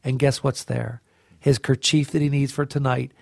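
A man's voice: medium pitch, flat delivery, normal speed, vocal fry, a little mellow, no echo, clean studio sound. A middle-aged man sharing an earnest, heartfelt devotional reflection and often restarting his phrases. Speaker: co-host of a faith reflection show.

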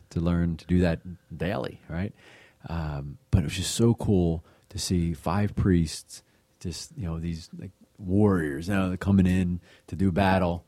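Deep, mellow man, chatty. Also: no room sound. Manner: conversational, with many fillers and repeated words. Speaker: co-host of a faith reflection show. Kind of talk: devotional reflection.

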